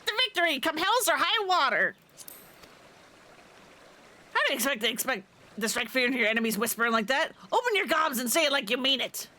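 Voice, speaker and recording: A woman reading out a gruff, scornful woman drill sergeant from a video game, barking orders. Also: high-pitched, big pitch swings, fairly quick, long pauses, pushed and bright, full character voice.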